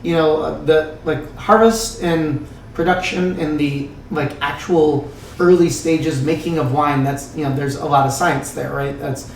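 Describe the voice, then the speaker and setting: A man who works as a winemaker talks in a rambling, casual way full of fillers and restarts, with a croaky throat. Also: on the high side, fairly even intonation, a little slow, slight background noise. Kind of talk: casual podcast chat. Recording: roomy sound, distant mic.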